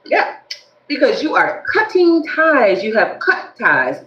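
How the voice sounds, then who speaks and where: A woman giving a livestreamed tarot reading, speaking straight to her viewers in a lively, preachy way. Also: on the high side, measured pace, roomy sound, lo-fi sound. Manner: animated, preachy, addresses viewers directly. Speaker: tarot reader.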